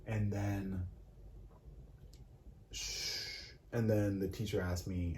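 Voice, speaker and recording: A man's voice: lowish voice, little pitch movement, very slow, a little mellow, echoey room, a little hiss or hum, poor audio. A man casually recapping an acting class at home, rambling with many fillers and restarts. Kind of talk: casual storytelling chat. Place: home room.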